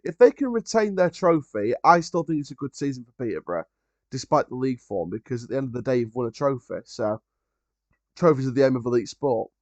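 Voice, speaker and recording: A man's voice: mid-range voice, a little mellow, no room sound, highs cut off. Chatty man hosting a football watchalong. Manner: casual, chatty, opinionated, frequent ums and restarts. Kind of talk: live match watchalong commentary.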